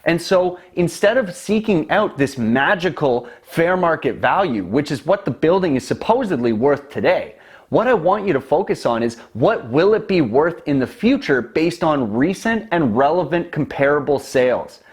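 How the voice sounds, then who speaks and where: A man in his twenties speaks in a somewhat high voice. He explains investing to the camera with emphatic, persuasive confidence, leaning hard on his points. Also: lively intonation, moderate pace, breathy edge. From Canada. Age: 20s. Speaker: real estate investor.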